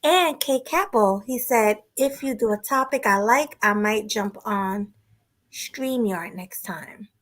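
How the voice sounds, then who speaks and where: A woman with a fairly high voice co-hosts a casual livestream show. She chats in a relaxed, friendly way with her guests and thanks the viewers warmly. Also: slow pace. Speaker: podcast co-host.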